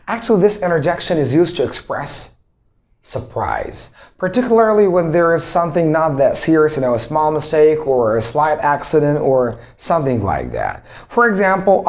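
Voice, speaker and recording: A man teaching English interjections, acting out example sentences in a slow, expressive way. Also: a little high. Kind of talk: English vocabulary lesson.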